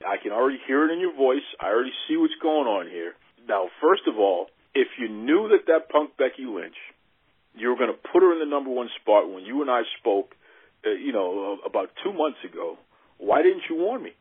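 Male host, husky and lively, mock-frustrated, heard over a tinny phone line. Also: medium pitch, fairly quick. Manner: animated, pleading, mock-frustrated. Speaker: podcast host interviewing a guest. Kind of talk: casual phone interview.

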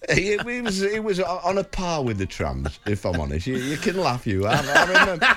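A man's voice: on the high side, very animated, moderate pace. A man in his seventies with a Sheffield accent, chatting as a radio guest, rambling and telling anecdotes. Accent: Sheffield, Yorkshire. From England. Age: 70s. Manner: chatty and rambling, with dialect grammar. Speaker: football manager guest. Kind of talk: casual radio chat.

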